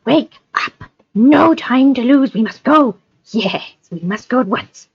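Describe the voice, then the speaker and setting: A woman's voice: a little high, animated, slow pace, gravelly, a little mellow, husky, pitched above the performer's own voice, heavily acted. A woman on a livestream voicing a frantic, hissing male creature who repeats himself urgently, over lo-fi audio.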